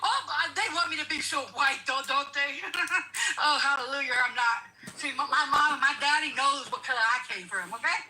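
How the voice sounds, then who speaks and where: High bright-voiced woman preaching hard. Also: moderate pace, low-quality recording. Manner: preachy, emphatic, repeats herself. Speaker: guest commentator. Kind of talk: heated political talk.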